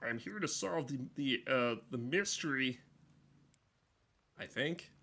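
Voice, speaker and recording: A man talks through a game in loose, comedic let's-play commentary. His voice is bright and pushed forward, at an ordinary middle pitch for a man. He rambles, trails off and throws in silly, absurd asides. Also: expressive, takes it slowly, gravelly. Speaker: gameplay commentator.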